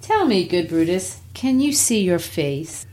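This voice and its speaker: A woman reading the part of Cassius, a scheming, persuasive Roman general, slow and deliberate in her verse reading. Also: lowish voice, sing-song, warm tone.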